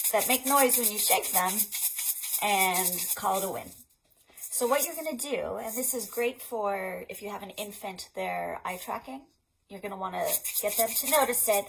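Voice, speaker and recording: A young woman runs an online children's storytime from her home. Her voice is gravelly and husky. She explains each game in a chatty way, then sings the rhymes slowly for the kids. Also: medium pitch, low-quality recording. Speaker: children's librarian. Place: indoors at home.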